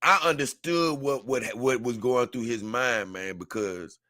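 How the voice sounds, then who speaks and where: A man's voice: mid-range voice, unhurried, sharp tone, dry recording, clean studio sound. A man, talking casually to camera and telling a story earnestly, rambling with many restarts. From Memphis, Tennessee. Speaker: vlogger.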